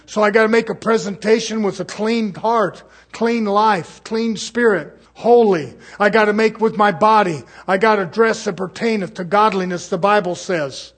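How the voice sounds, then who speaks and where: A man with a high, husky voice preaches to his congregation. He delivers the sermon fervently, firing rhetorical questions at the pews. His voice has a breathy rasp to it. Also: normal speed, few pauses, fairly bright tone. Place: church service.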